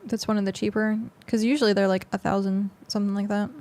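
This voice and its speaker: A woman's voice: mid-range voice, level tone, fast talker, darkish tone. A young woman streaming a game, chatting casually and rambling with lots of fillers as she plays. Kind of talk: casual gameplay commentary.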